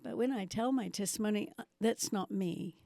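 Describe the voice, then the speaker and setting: Here the seventy-something missionary from New Zealand talks at a normal speed in a medium-pitched, warm voice with vocal fry, her accent faintly Kiwi. As an interview guest giving her testimony, she narrates her life and pokes fun at herself along the way. No room sound is audible.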